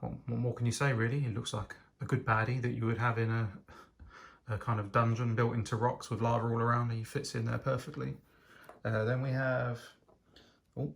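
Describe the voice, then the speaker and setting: A man's voice: medium pitch, gravelly. A man giving a casual, enthusiastic toy set review, talking with frequent hesitations and ums. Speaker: LEGO reviewer.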